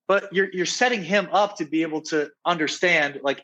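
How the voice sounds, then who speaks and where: A man's voice: high-pitched, brisk, few pauses, pushed and bright, low-quality recording. A man, a dating coach and interview guest, talking earnestly in a casual chat, often restarting and checking in with "right?". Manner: earnest, keeps asking "right?", many restarts.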